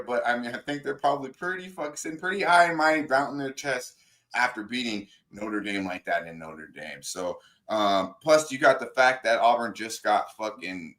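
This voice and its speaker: A man co-hosting a sports radio show, arguing loudly and swearing constantly in a heated debate. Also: medium pitch. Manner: loud, profane, yelling. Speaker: co-host. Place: radio studio.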